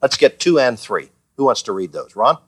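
A man teaches a small Bible study group, his voice sitting at an everyday middle pitch. He keeps turning questions back to the class and gives the lines he quotes a little acted colour. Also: big pitch swings, normal speed, fairly bright tone, slightly rough.

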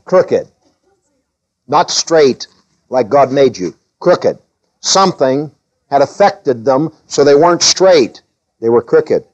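A man preaching a sermon as a pastor, reading scripture in a lifted voice and dropping low to explain it. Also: expressive, unhurried, long pauses, a little mellow, lo-fi sound.

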